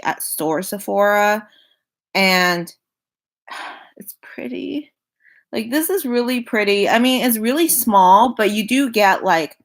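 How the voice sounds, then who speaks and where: A young woman with a slightly low voice talks her way through a makeup wishlist in a loose, chatty vlog manner. She repeats her points and lets sighs and small laughs fall between items. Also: fairly bright tone. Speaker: makeup vlogger. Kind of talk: casual product rundown.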